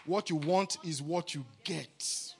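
Exuberant high-voiced Nigerian preacher. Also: male voice, slow pace, creaky, a little hiss or hum. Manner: exuberant, call-and-response, rising to shouts. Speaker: guest preacher. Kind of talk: sermon. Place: church camp meeting.

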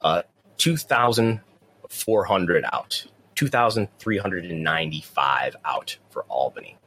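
A man's voice: low-pitched, lively intonation, a little slow, bright, forceful tone, slightly rough, rough recording. A man hosting a casual wrestling news show, often stumbling and repeating words as he starts his sentences. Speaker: wrestling podcast host.

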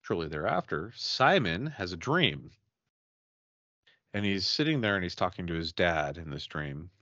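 Deep-voiced man telling a story, swearing freely. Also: a little slow, no room sound, highs cut off. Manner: profane, animated storyteller. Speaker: podcast host. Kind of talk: casual drinking-session chat and storytelling.

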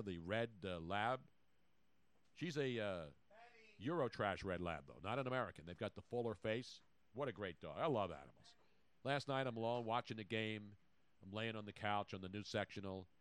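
A man's voice: fairly low pitch, a bit bright. A man hosting a podcast in casual banter, jokey and boastful, riffing from topic to topic. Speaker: podcast host.

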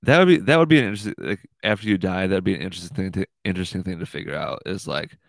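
A man's voice: low voice, racing, vocal fry, no room sound. A man hosting a casual livestream podcast, rambling and swearing, saying "dude" a lot. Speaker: podcast host.

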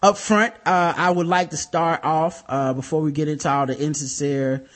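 A young man co-hosts a podcast in a relaxed, rambling way. He swears freely, leans on fillers and drifts into loose asides. His voice sits a little high for a man. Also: moderate pace. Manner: laid-back, rambling, profane, with many fillers. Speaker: podcast co-host. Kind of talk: casual podcast chat.

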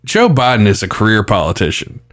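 A man co-hosting a podcast, chatting casually and profanely about politics. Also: fairly low pitch. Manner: profane, animated, quick to laugh. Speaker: podcast co-host.

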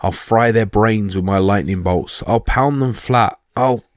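A man's voice: fairly low pitch, a little slow, no echo, studio quality, lightly acted. A man voicing a hot-tempered, boastful male thunder god who blusters. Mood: blustering.

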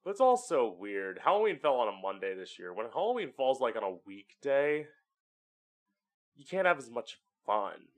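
At normal speed and medium pitch, this man's voice swings widely in pitch as he hosts his own podcast from home. It's a casual solo monologue: candid, chatty, heavy on swearing, with voices acted out for effect.

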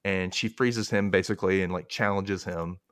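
A man's voice: low voice, fairly even intonation, moderate pace, a bit bright, dry recording, clean studio sound. A young man hosting a podcast, casually recapping a TV episode and acting out characters' lines in exaggerated voices. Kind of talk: casual chat.

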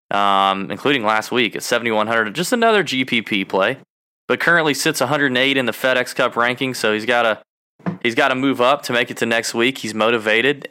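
Podcast co-host, male, bright forceful tone, playful ribbing delivery. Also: lowish voice, smooth. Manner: teasing, ribbing his co-host. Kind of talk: casual sports betting chat.

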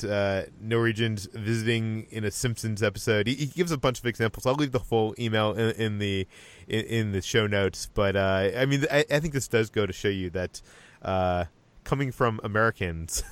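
A man's voice: fairly low pitch, smooth, dry recording. Man hosting a podcast, hesitant and dry. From Boston. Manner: hesitant, many fillers and restarts. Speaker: podcast host. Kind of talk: casual chat reading listener mail.

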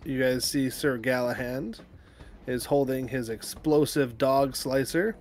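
Unhurried man running a tabletop game. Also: medium pitch, fairly even intonation, darkish tone. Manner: matter-of-fact rules calls, laughing asides. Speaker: game master.

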